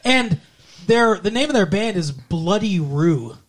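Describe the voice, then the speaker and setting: A man's voice: high-pitched, expressive, unhurried. A man co-hosting a podcast, recapping a TV episode in sarcastic, profane, jokey chat. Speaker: podcast co-host.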